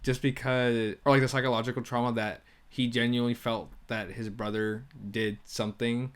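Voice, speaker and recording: An easygoing young man with a mid-range voice, co-hosting a relaxed movie review podcast. He chimes in with short reactions and talks through his thoughts in a laid-back way. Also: mid-range voice, moderate pace, clean tone. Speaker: podcast co-host, film reviewer. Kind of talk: casual movie review chat.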